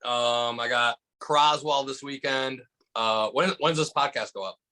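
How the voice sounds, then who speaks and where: A young comedian from Michigan talks shop on a podcast, his voice bright and forward at a middle pitch. He rambles through anecdotes, stacking "like" after "like". His delivery stays animated and loose throughout. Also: measured pace, low-quality recording. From Michigan, USA. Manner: animated storyteller, heavy use of "like" fillers. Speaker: stand-up comedian, guest. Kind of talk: casual podcast chat.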